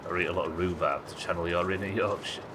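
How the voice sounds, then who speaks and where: Deep-voiced man streaming a game. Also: fairly even intonation, quick pace, background noise. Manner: chatty, jokey, swears casually, teases chat. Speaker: live gaming streamer. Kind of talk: casual gameplay commentary chatting with viewers.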